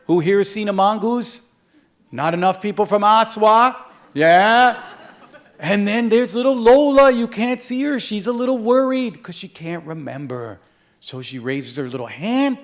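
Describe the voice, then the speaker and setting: Playful, slow-talking author reading aloud. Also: male voice, sits high, animated, vocal fry. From a Caribbean island. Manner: playful and joking, uses slang. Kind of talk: reading a picture book aloud at a live event.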